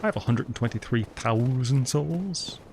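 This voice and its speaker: A man's voice: mid-range voice, lively intonation, moderate pace, a little mellow, slight background noise. A man giving live gameplay commentary in a sardonic, profane, chatty way. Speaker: streamer. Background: game music.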